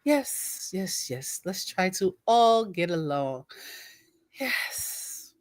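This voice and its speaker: Low-voiced woman, sassy and emphatic, delivers upbeat self-affirmations with a dry, close sound. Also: animated, slow pace, a little mellow, no room sound. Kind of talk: playful self-affirmation monologue.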